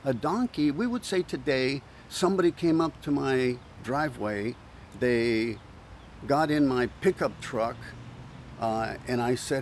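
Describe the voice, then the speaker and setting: A male pastor preaching with animated storytelling, acting out quoted voices and restarting words often. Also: medium pitch, measured pace, slight background noise. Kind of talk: sermon.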